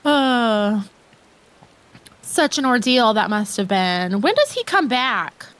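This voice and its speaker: A woman's voice: fairly high pitch, big pitch swings, takes it slowly, fairly bright tone, clean tone. Giggly gushing woman streamer. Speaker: game streamer. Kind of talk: live game stream chat. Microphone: desk streaming mic.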